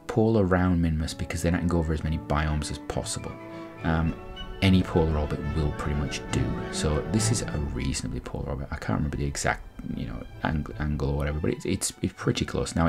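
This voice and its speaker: A man's voice: extremely low pitch, fairly quick, gravelly, over music. A man giving casual, rambling commentary on a space game, explaining each step as he goes. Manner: rambling, explanatory, frequent restarts. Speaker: gameplay commentator.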